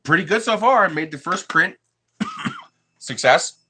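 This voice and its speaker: A man's voice: sits high, animated, unhurried, bright, forceful tone, slight background noise. A man from the United States hosting a 3D printing livestream, chatting casually with his viewers and chuckling often.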